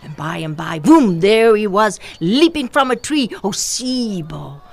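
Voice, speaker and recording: A woman telling a folktale aloud, expressive and rhythmic, with repeated phrases. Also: mid-range voice, a little slow, gravelly. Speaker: storyteller. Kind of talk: oral folktale storytelling.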